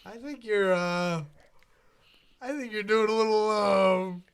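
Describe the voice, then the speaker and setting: A man's voice: high voice, slow, clean tone. A man co-hosting a casual wrestling chat, laid-back and teasing, swearing casually. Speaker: podcast co-host.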